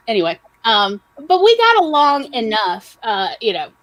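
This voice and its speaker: A chatty woman with a Southern American accent co-hosts a casual livestream, reading viewers' comments aloud and adding her own asides. Her voice sits a little high for a woman. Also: wildly swooping pitch, moderate pace, a bit bright, no echo, rough recording. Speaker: podcast co-host.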